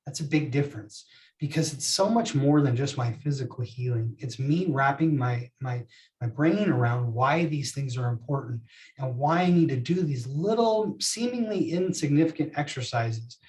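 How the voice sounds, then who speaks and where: A man's voice: medium pitch, normal speed, recorded from a distance. Candid man telling a story. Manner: candid, animated storytelling with voiced quotes. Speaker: podcast guest. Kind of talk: personal storytelling.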